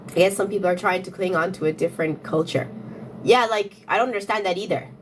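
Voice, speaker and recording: A woman's voice: lowish voice, fast, slight background noise. A young woman talking to her phone camera, questioning commenters insistently with repeated rhetorical questions. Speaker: content creator answering comments. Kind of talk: casual talk-to-camera rant.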